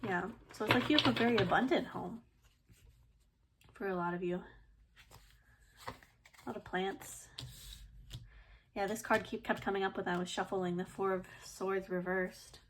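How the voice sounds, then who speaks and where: A woman's voice: mid-range voice, measured pace, long pauses, a little hiss or hum. Chatty woman reading tarot cards. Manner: chatty, relaxed, many fillers and soft laughs. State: itchy throat, sneezing. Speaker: tarot reader. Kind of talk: casual tarot reading to camera.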